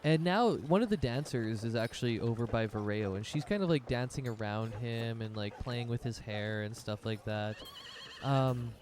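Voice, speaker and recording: A man's voice: medium pitch, moderate pace, a little mellow, a little hiss or hum. Rambling man running a tabletop game. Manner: rambling, with many fillers like "um" and "like". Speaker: game master.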